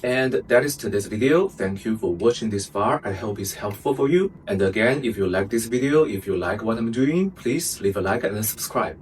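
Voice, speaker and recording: A man's voice: medium pitch, lively intonation, moderate pace, hardly any pauses. A man from China, a Mandarin speaker, teaching a language lesson and patiently repeating examples. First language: Mandarin Chinese. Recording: distant mic with faint background noise.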